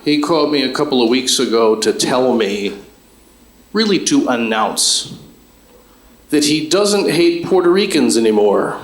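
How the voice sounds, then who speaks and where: A man's voice: mid-range voice, lively intonation, a little slow, a little hiss or hum. Dry-witted man on a club stage. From Chicago. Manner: dry, conversational storytelling with asides to the crowd. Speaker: stand-up comedian. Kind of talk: stand-up comedy set. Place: comedy club stage with live audience. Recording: roomy live club sound.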